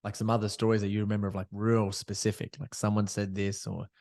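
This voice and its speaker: A male podcast host with a lowish voice talks in a relaxed, chatty manner. His voice is recorded dry and close, with no room echo. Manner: relaxed, chatty, with quick laughs. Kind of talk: casual podcast chat.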